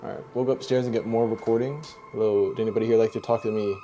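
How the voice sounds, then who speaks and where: A young man on a ghost hunt, calmly and gently coaxing spirits to speak. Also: on the low side, rapid-fire, highs cut off, a little hiss or hum. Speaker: ghost-hunting co-host. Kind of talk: calm paranormal vlog. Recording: music clearly under voice.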